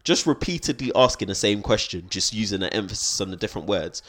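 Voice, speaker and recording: A man's voice: on the low side, lively intonation, fast, fairly bright tone. A young man talking earnestly in a casual chat, often restarting and checking in with listeners. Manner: earnest, restarts often, keeps asking "do you know what I mean".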